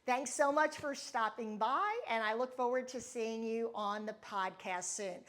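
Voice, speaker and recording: A woman's voice: on the high side, measured pace, fairly bright tone. Woman host telling a personal story. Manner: candid, confiding and reflective. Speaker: podcast host.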